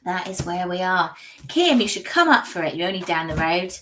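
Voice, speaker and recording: A woman's voice: fairly low pitch, very animated, normal speed, fairly bright tone, a little hiss or hum, rough recording. A woman hosting a live tarot stream, chatting and greeting viewers by name. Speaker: psychic tarot reader and livestream host. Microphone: streaming setup.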